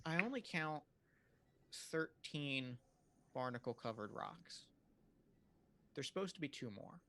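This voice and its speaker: A man's voice: mid-range voice, animated, slow, pauses often, fairly bright tone. Rambling, hesitant man at a game table. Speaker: player. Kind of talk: casual tabletop play.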